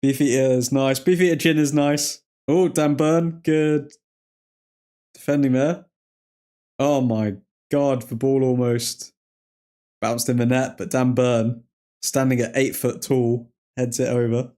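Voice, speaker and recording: A man's voice: medium pitch, level tone, a little slow, mellow. A man with an English accent casually hosting a football watchalong, chatting and reacting to viewer comments. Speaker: livestream host.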